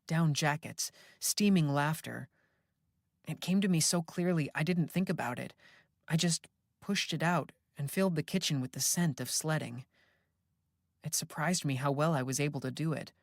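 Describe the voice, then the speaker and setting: An unhurried, reflective storyteller reading a first-person ghost story. Each line is delivered slowly and with care, in a mid-pitched voice. The studio sound is dry and close, with no room around it. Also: vocal fry, dry recording. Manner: measured, reflective. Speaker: audiobook narrator. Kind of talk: first-person horror audiobook narration.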